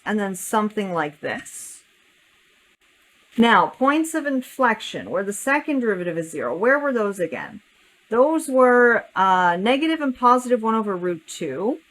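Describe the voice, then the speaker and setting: A woman math teacher walks through a calculus lesson step by step, thinking aloud and correcting herself while she draws a graph. Her voice is mid-range and a bit bright, and the audio quality is poor.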